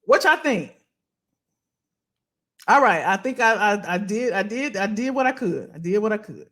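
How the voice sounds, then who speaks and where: A woman as a career coach on a live stream. She talks straight to her viewers in an animated, emphatic way and reads out their comments casually. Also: mid-range voice, moderate pace.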